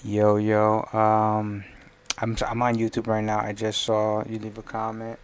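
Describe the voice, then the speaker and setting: A man's voice: lowish voice, monotone, measured pace, a little hiss or hum. A man live-streaming while he works on a design, thinking aloud in a rambling, self-correcting way.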